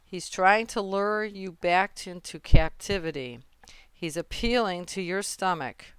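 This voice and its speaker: A woman voicing a bossy, loud farmyard goose who shouts orders and repeats herself, in a storybook reading. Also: measured pace, smooth, no room sound, close to an everyday voice. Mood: scolding. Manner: shrill, commanding, repeats herself.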